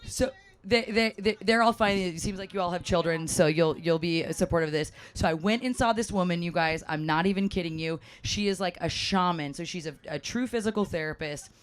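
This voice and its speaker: A woman telling an animated, self-mocking story to a live audience, often acting out what others said. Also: fairly low pitch, fairly quick, few pauses. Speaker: panel speaker at a live event.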